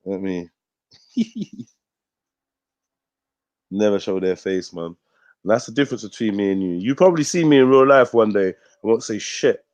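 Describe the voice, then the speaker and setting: A man's voice: on the low side, expressive, normal speed, pauses often, darkish tone, dry recording. A man hosting a live stream, talking bluntly with lots of swearing and street slang. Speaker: host of a live news talk stream. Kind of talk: casual livestream rant.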